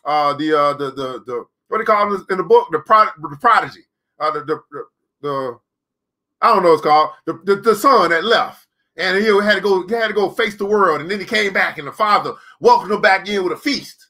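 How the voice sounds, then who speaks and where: A man hosts a live crypto trading class stream, speaking in a bright, forceful voice that sits high and runs a little fast with lively intonation. His talk is casual and preachy, and he reads out viewer comments.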